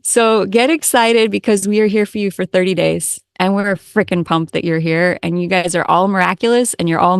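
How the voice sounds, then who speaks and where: Excited woman hyping up a live call, gravelly kinda low voice, says like a lot, dry close mic. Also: dry recording. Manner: effusive and excitable, lots of "like" and mild swearing. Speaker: co-host of an online energy-clearing event. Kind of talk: enthusiastic live-call pep talk. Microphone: studio microphone.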